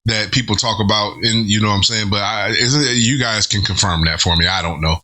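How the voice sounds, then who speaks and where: A man's voice: on the low side, fairly quick, sharp tone. A man hosting a reaction video, thinking aloud about lyrics in casual commentary, with restarts and chuckles. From not from Britain.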